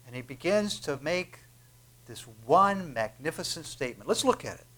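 A man preaching a sermon, emphatic and full of rhetorical questions, dropping to a hush and then building to loud, drawn-out declarations. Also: very animated. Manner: emphatic, swings from hushed to booming, rhetorical questions.

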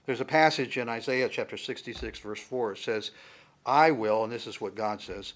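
This sermon comes from a male pastor teaching Scripture in a conversational manner. His mid-range voice moves at a moderate pace, swelling into loud emphasis on important words.

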